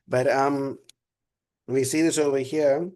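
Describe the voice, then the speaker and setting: A man's voice: medium pitch, steady tone, slow pace, darkish tone. A man giving a casual spiritual class, telling a rambling story with frequent laughter. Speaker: class speaker.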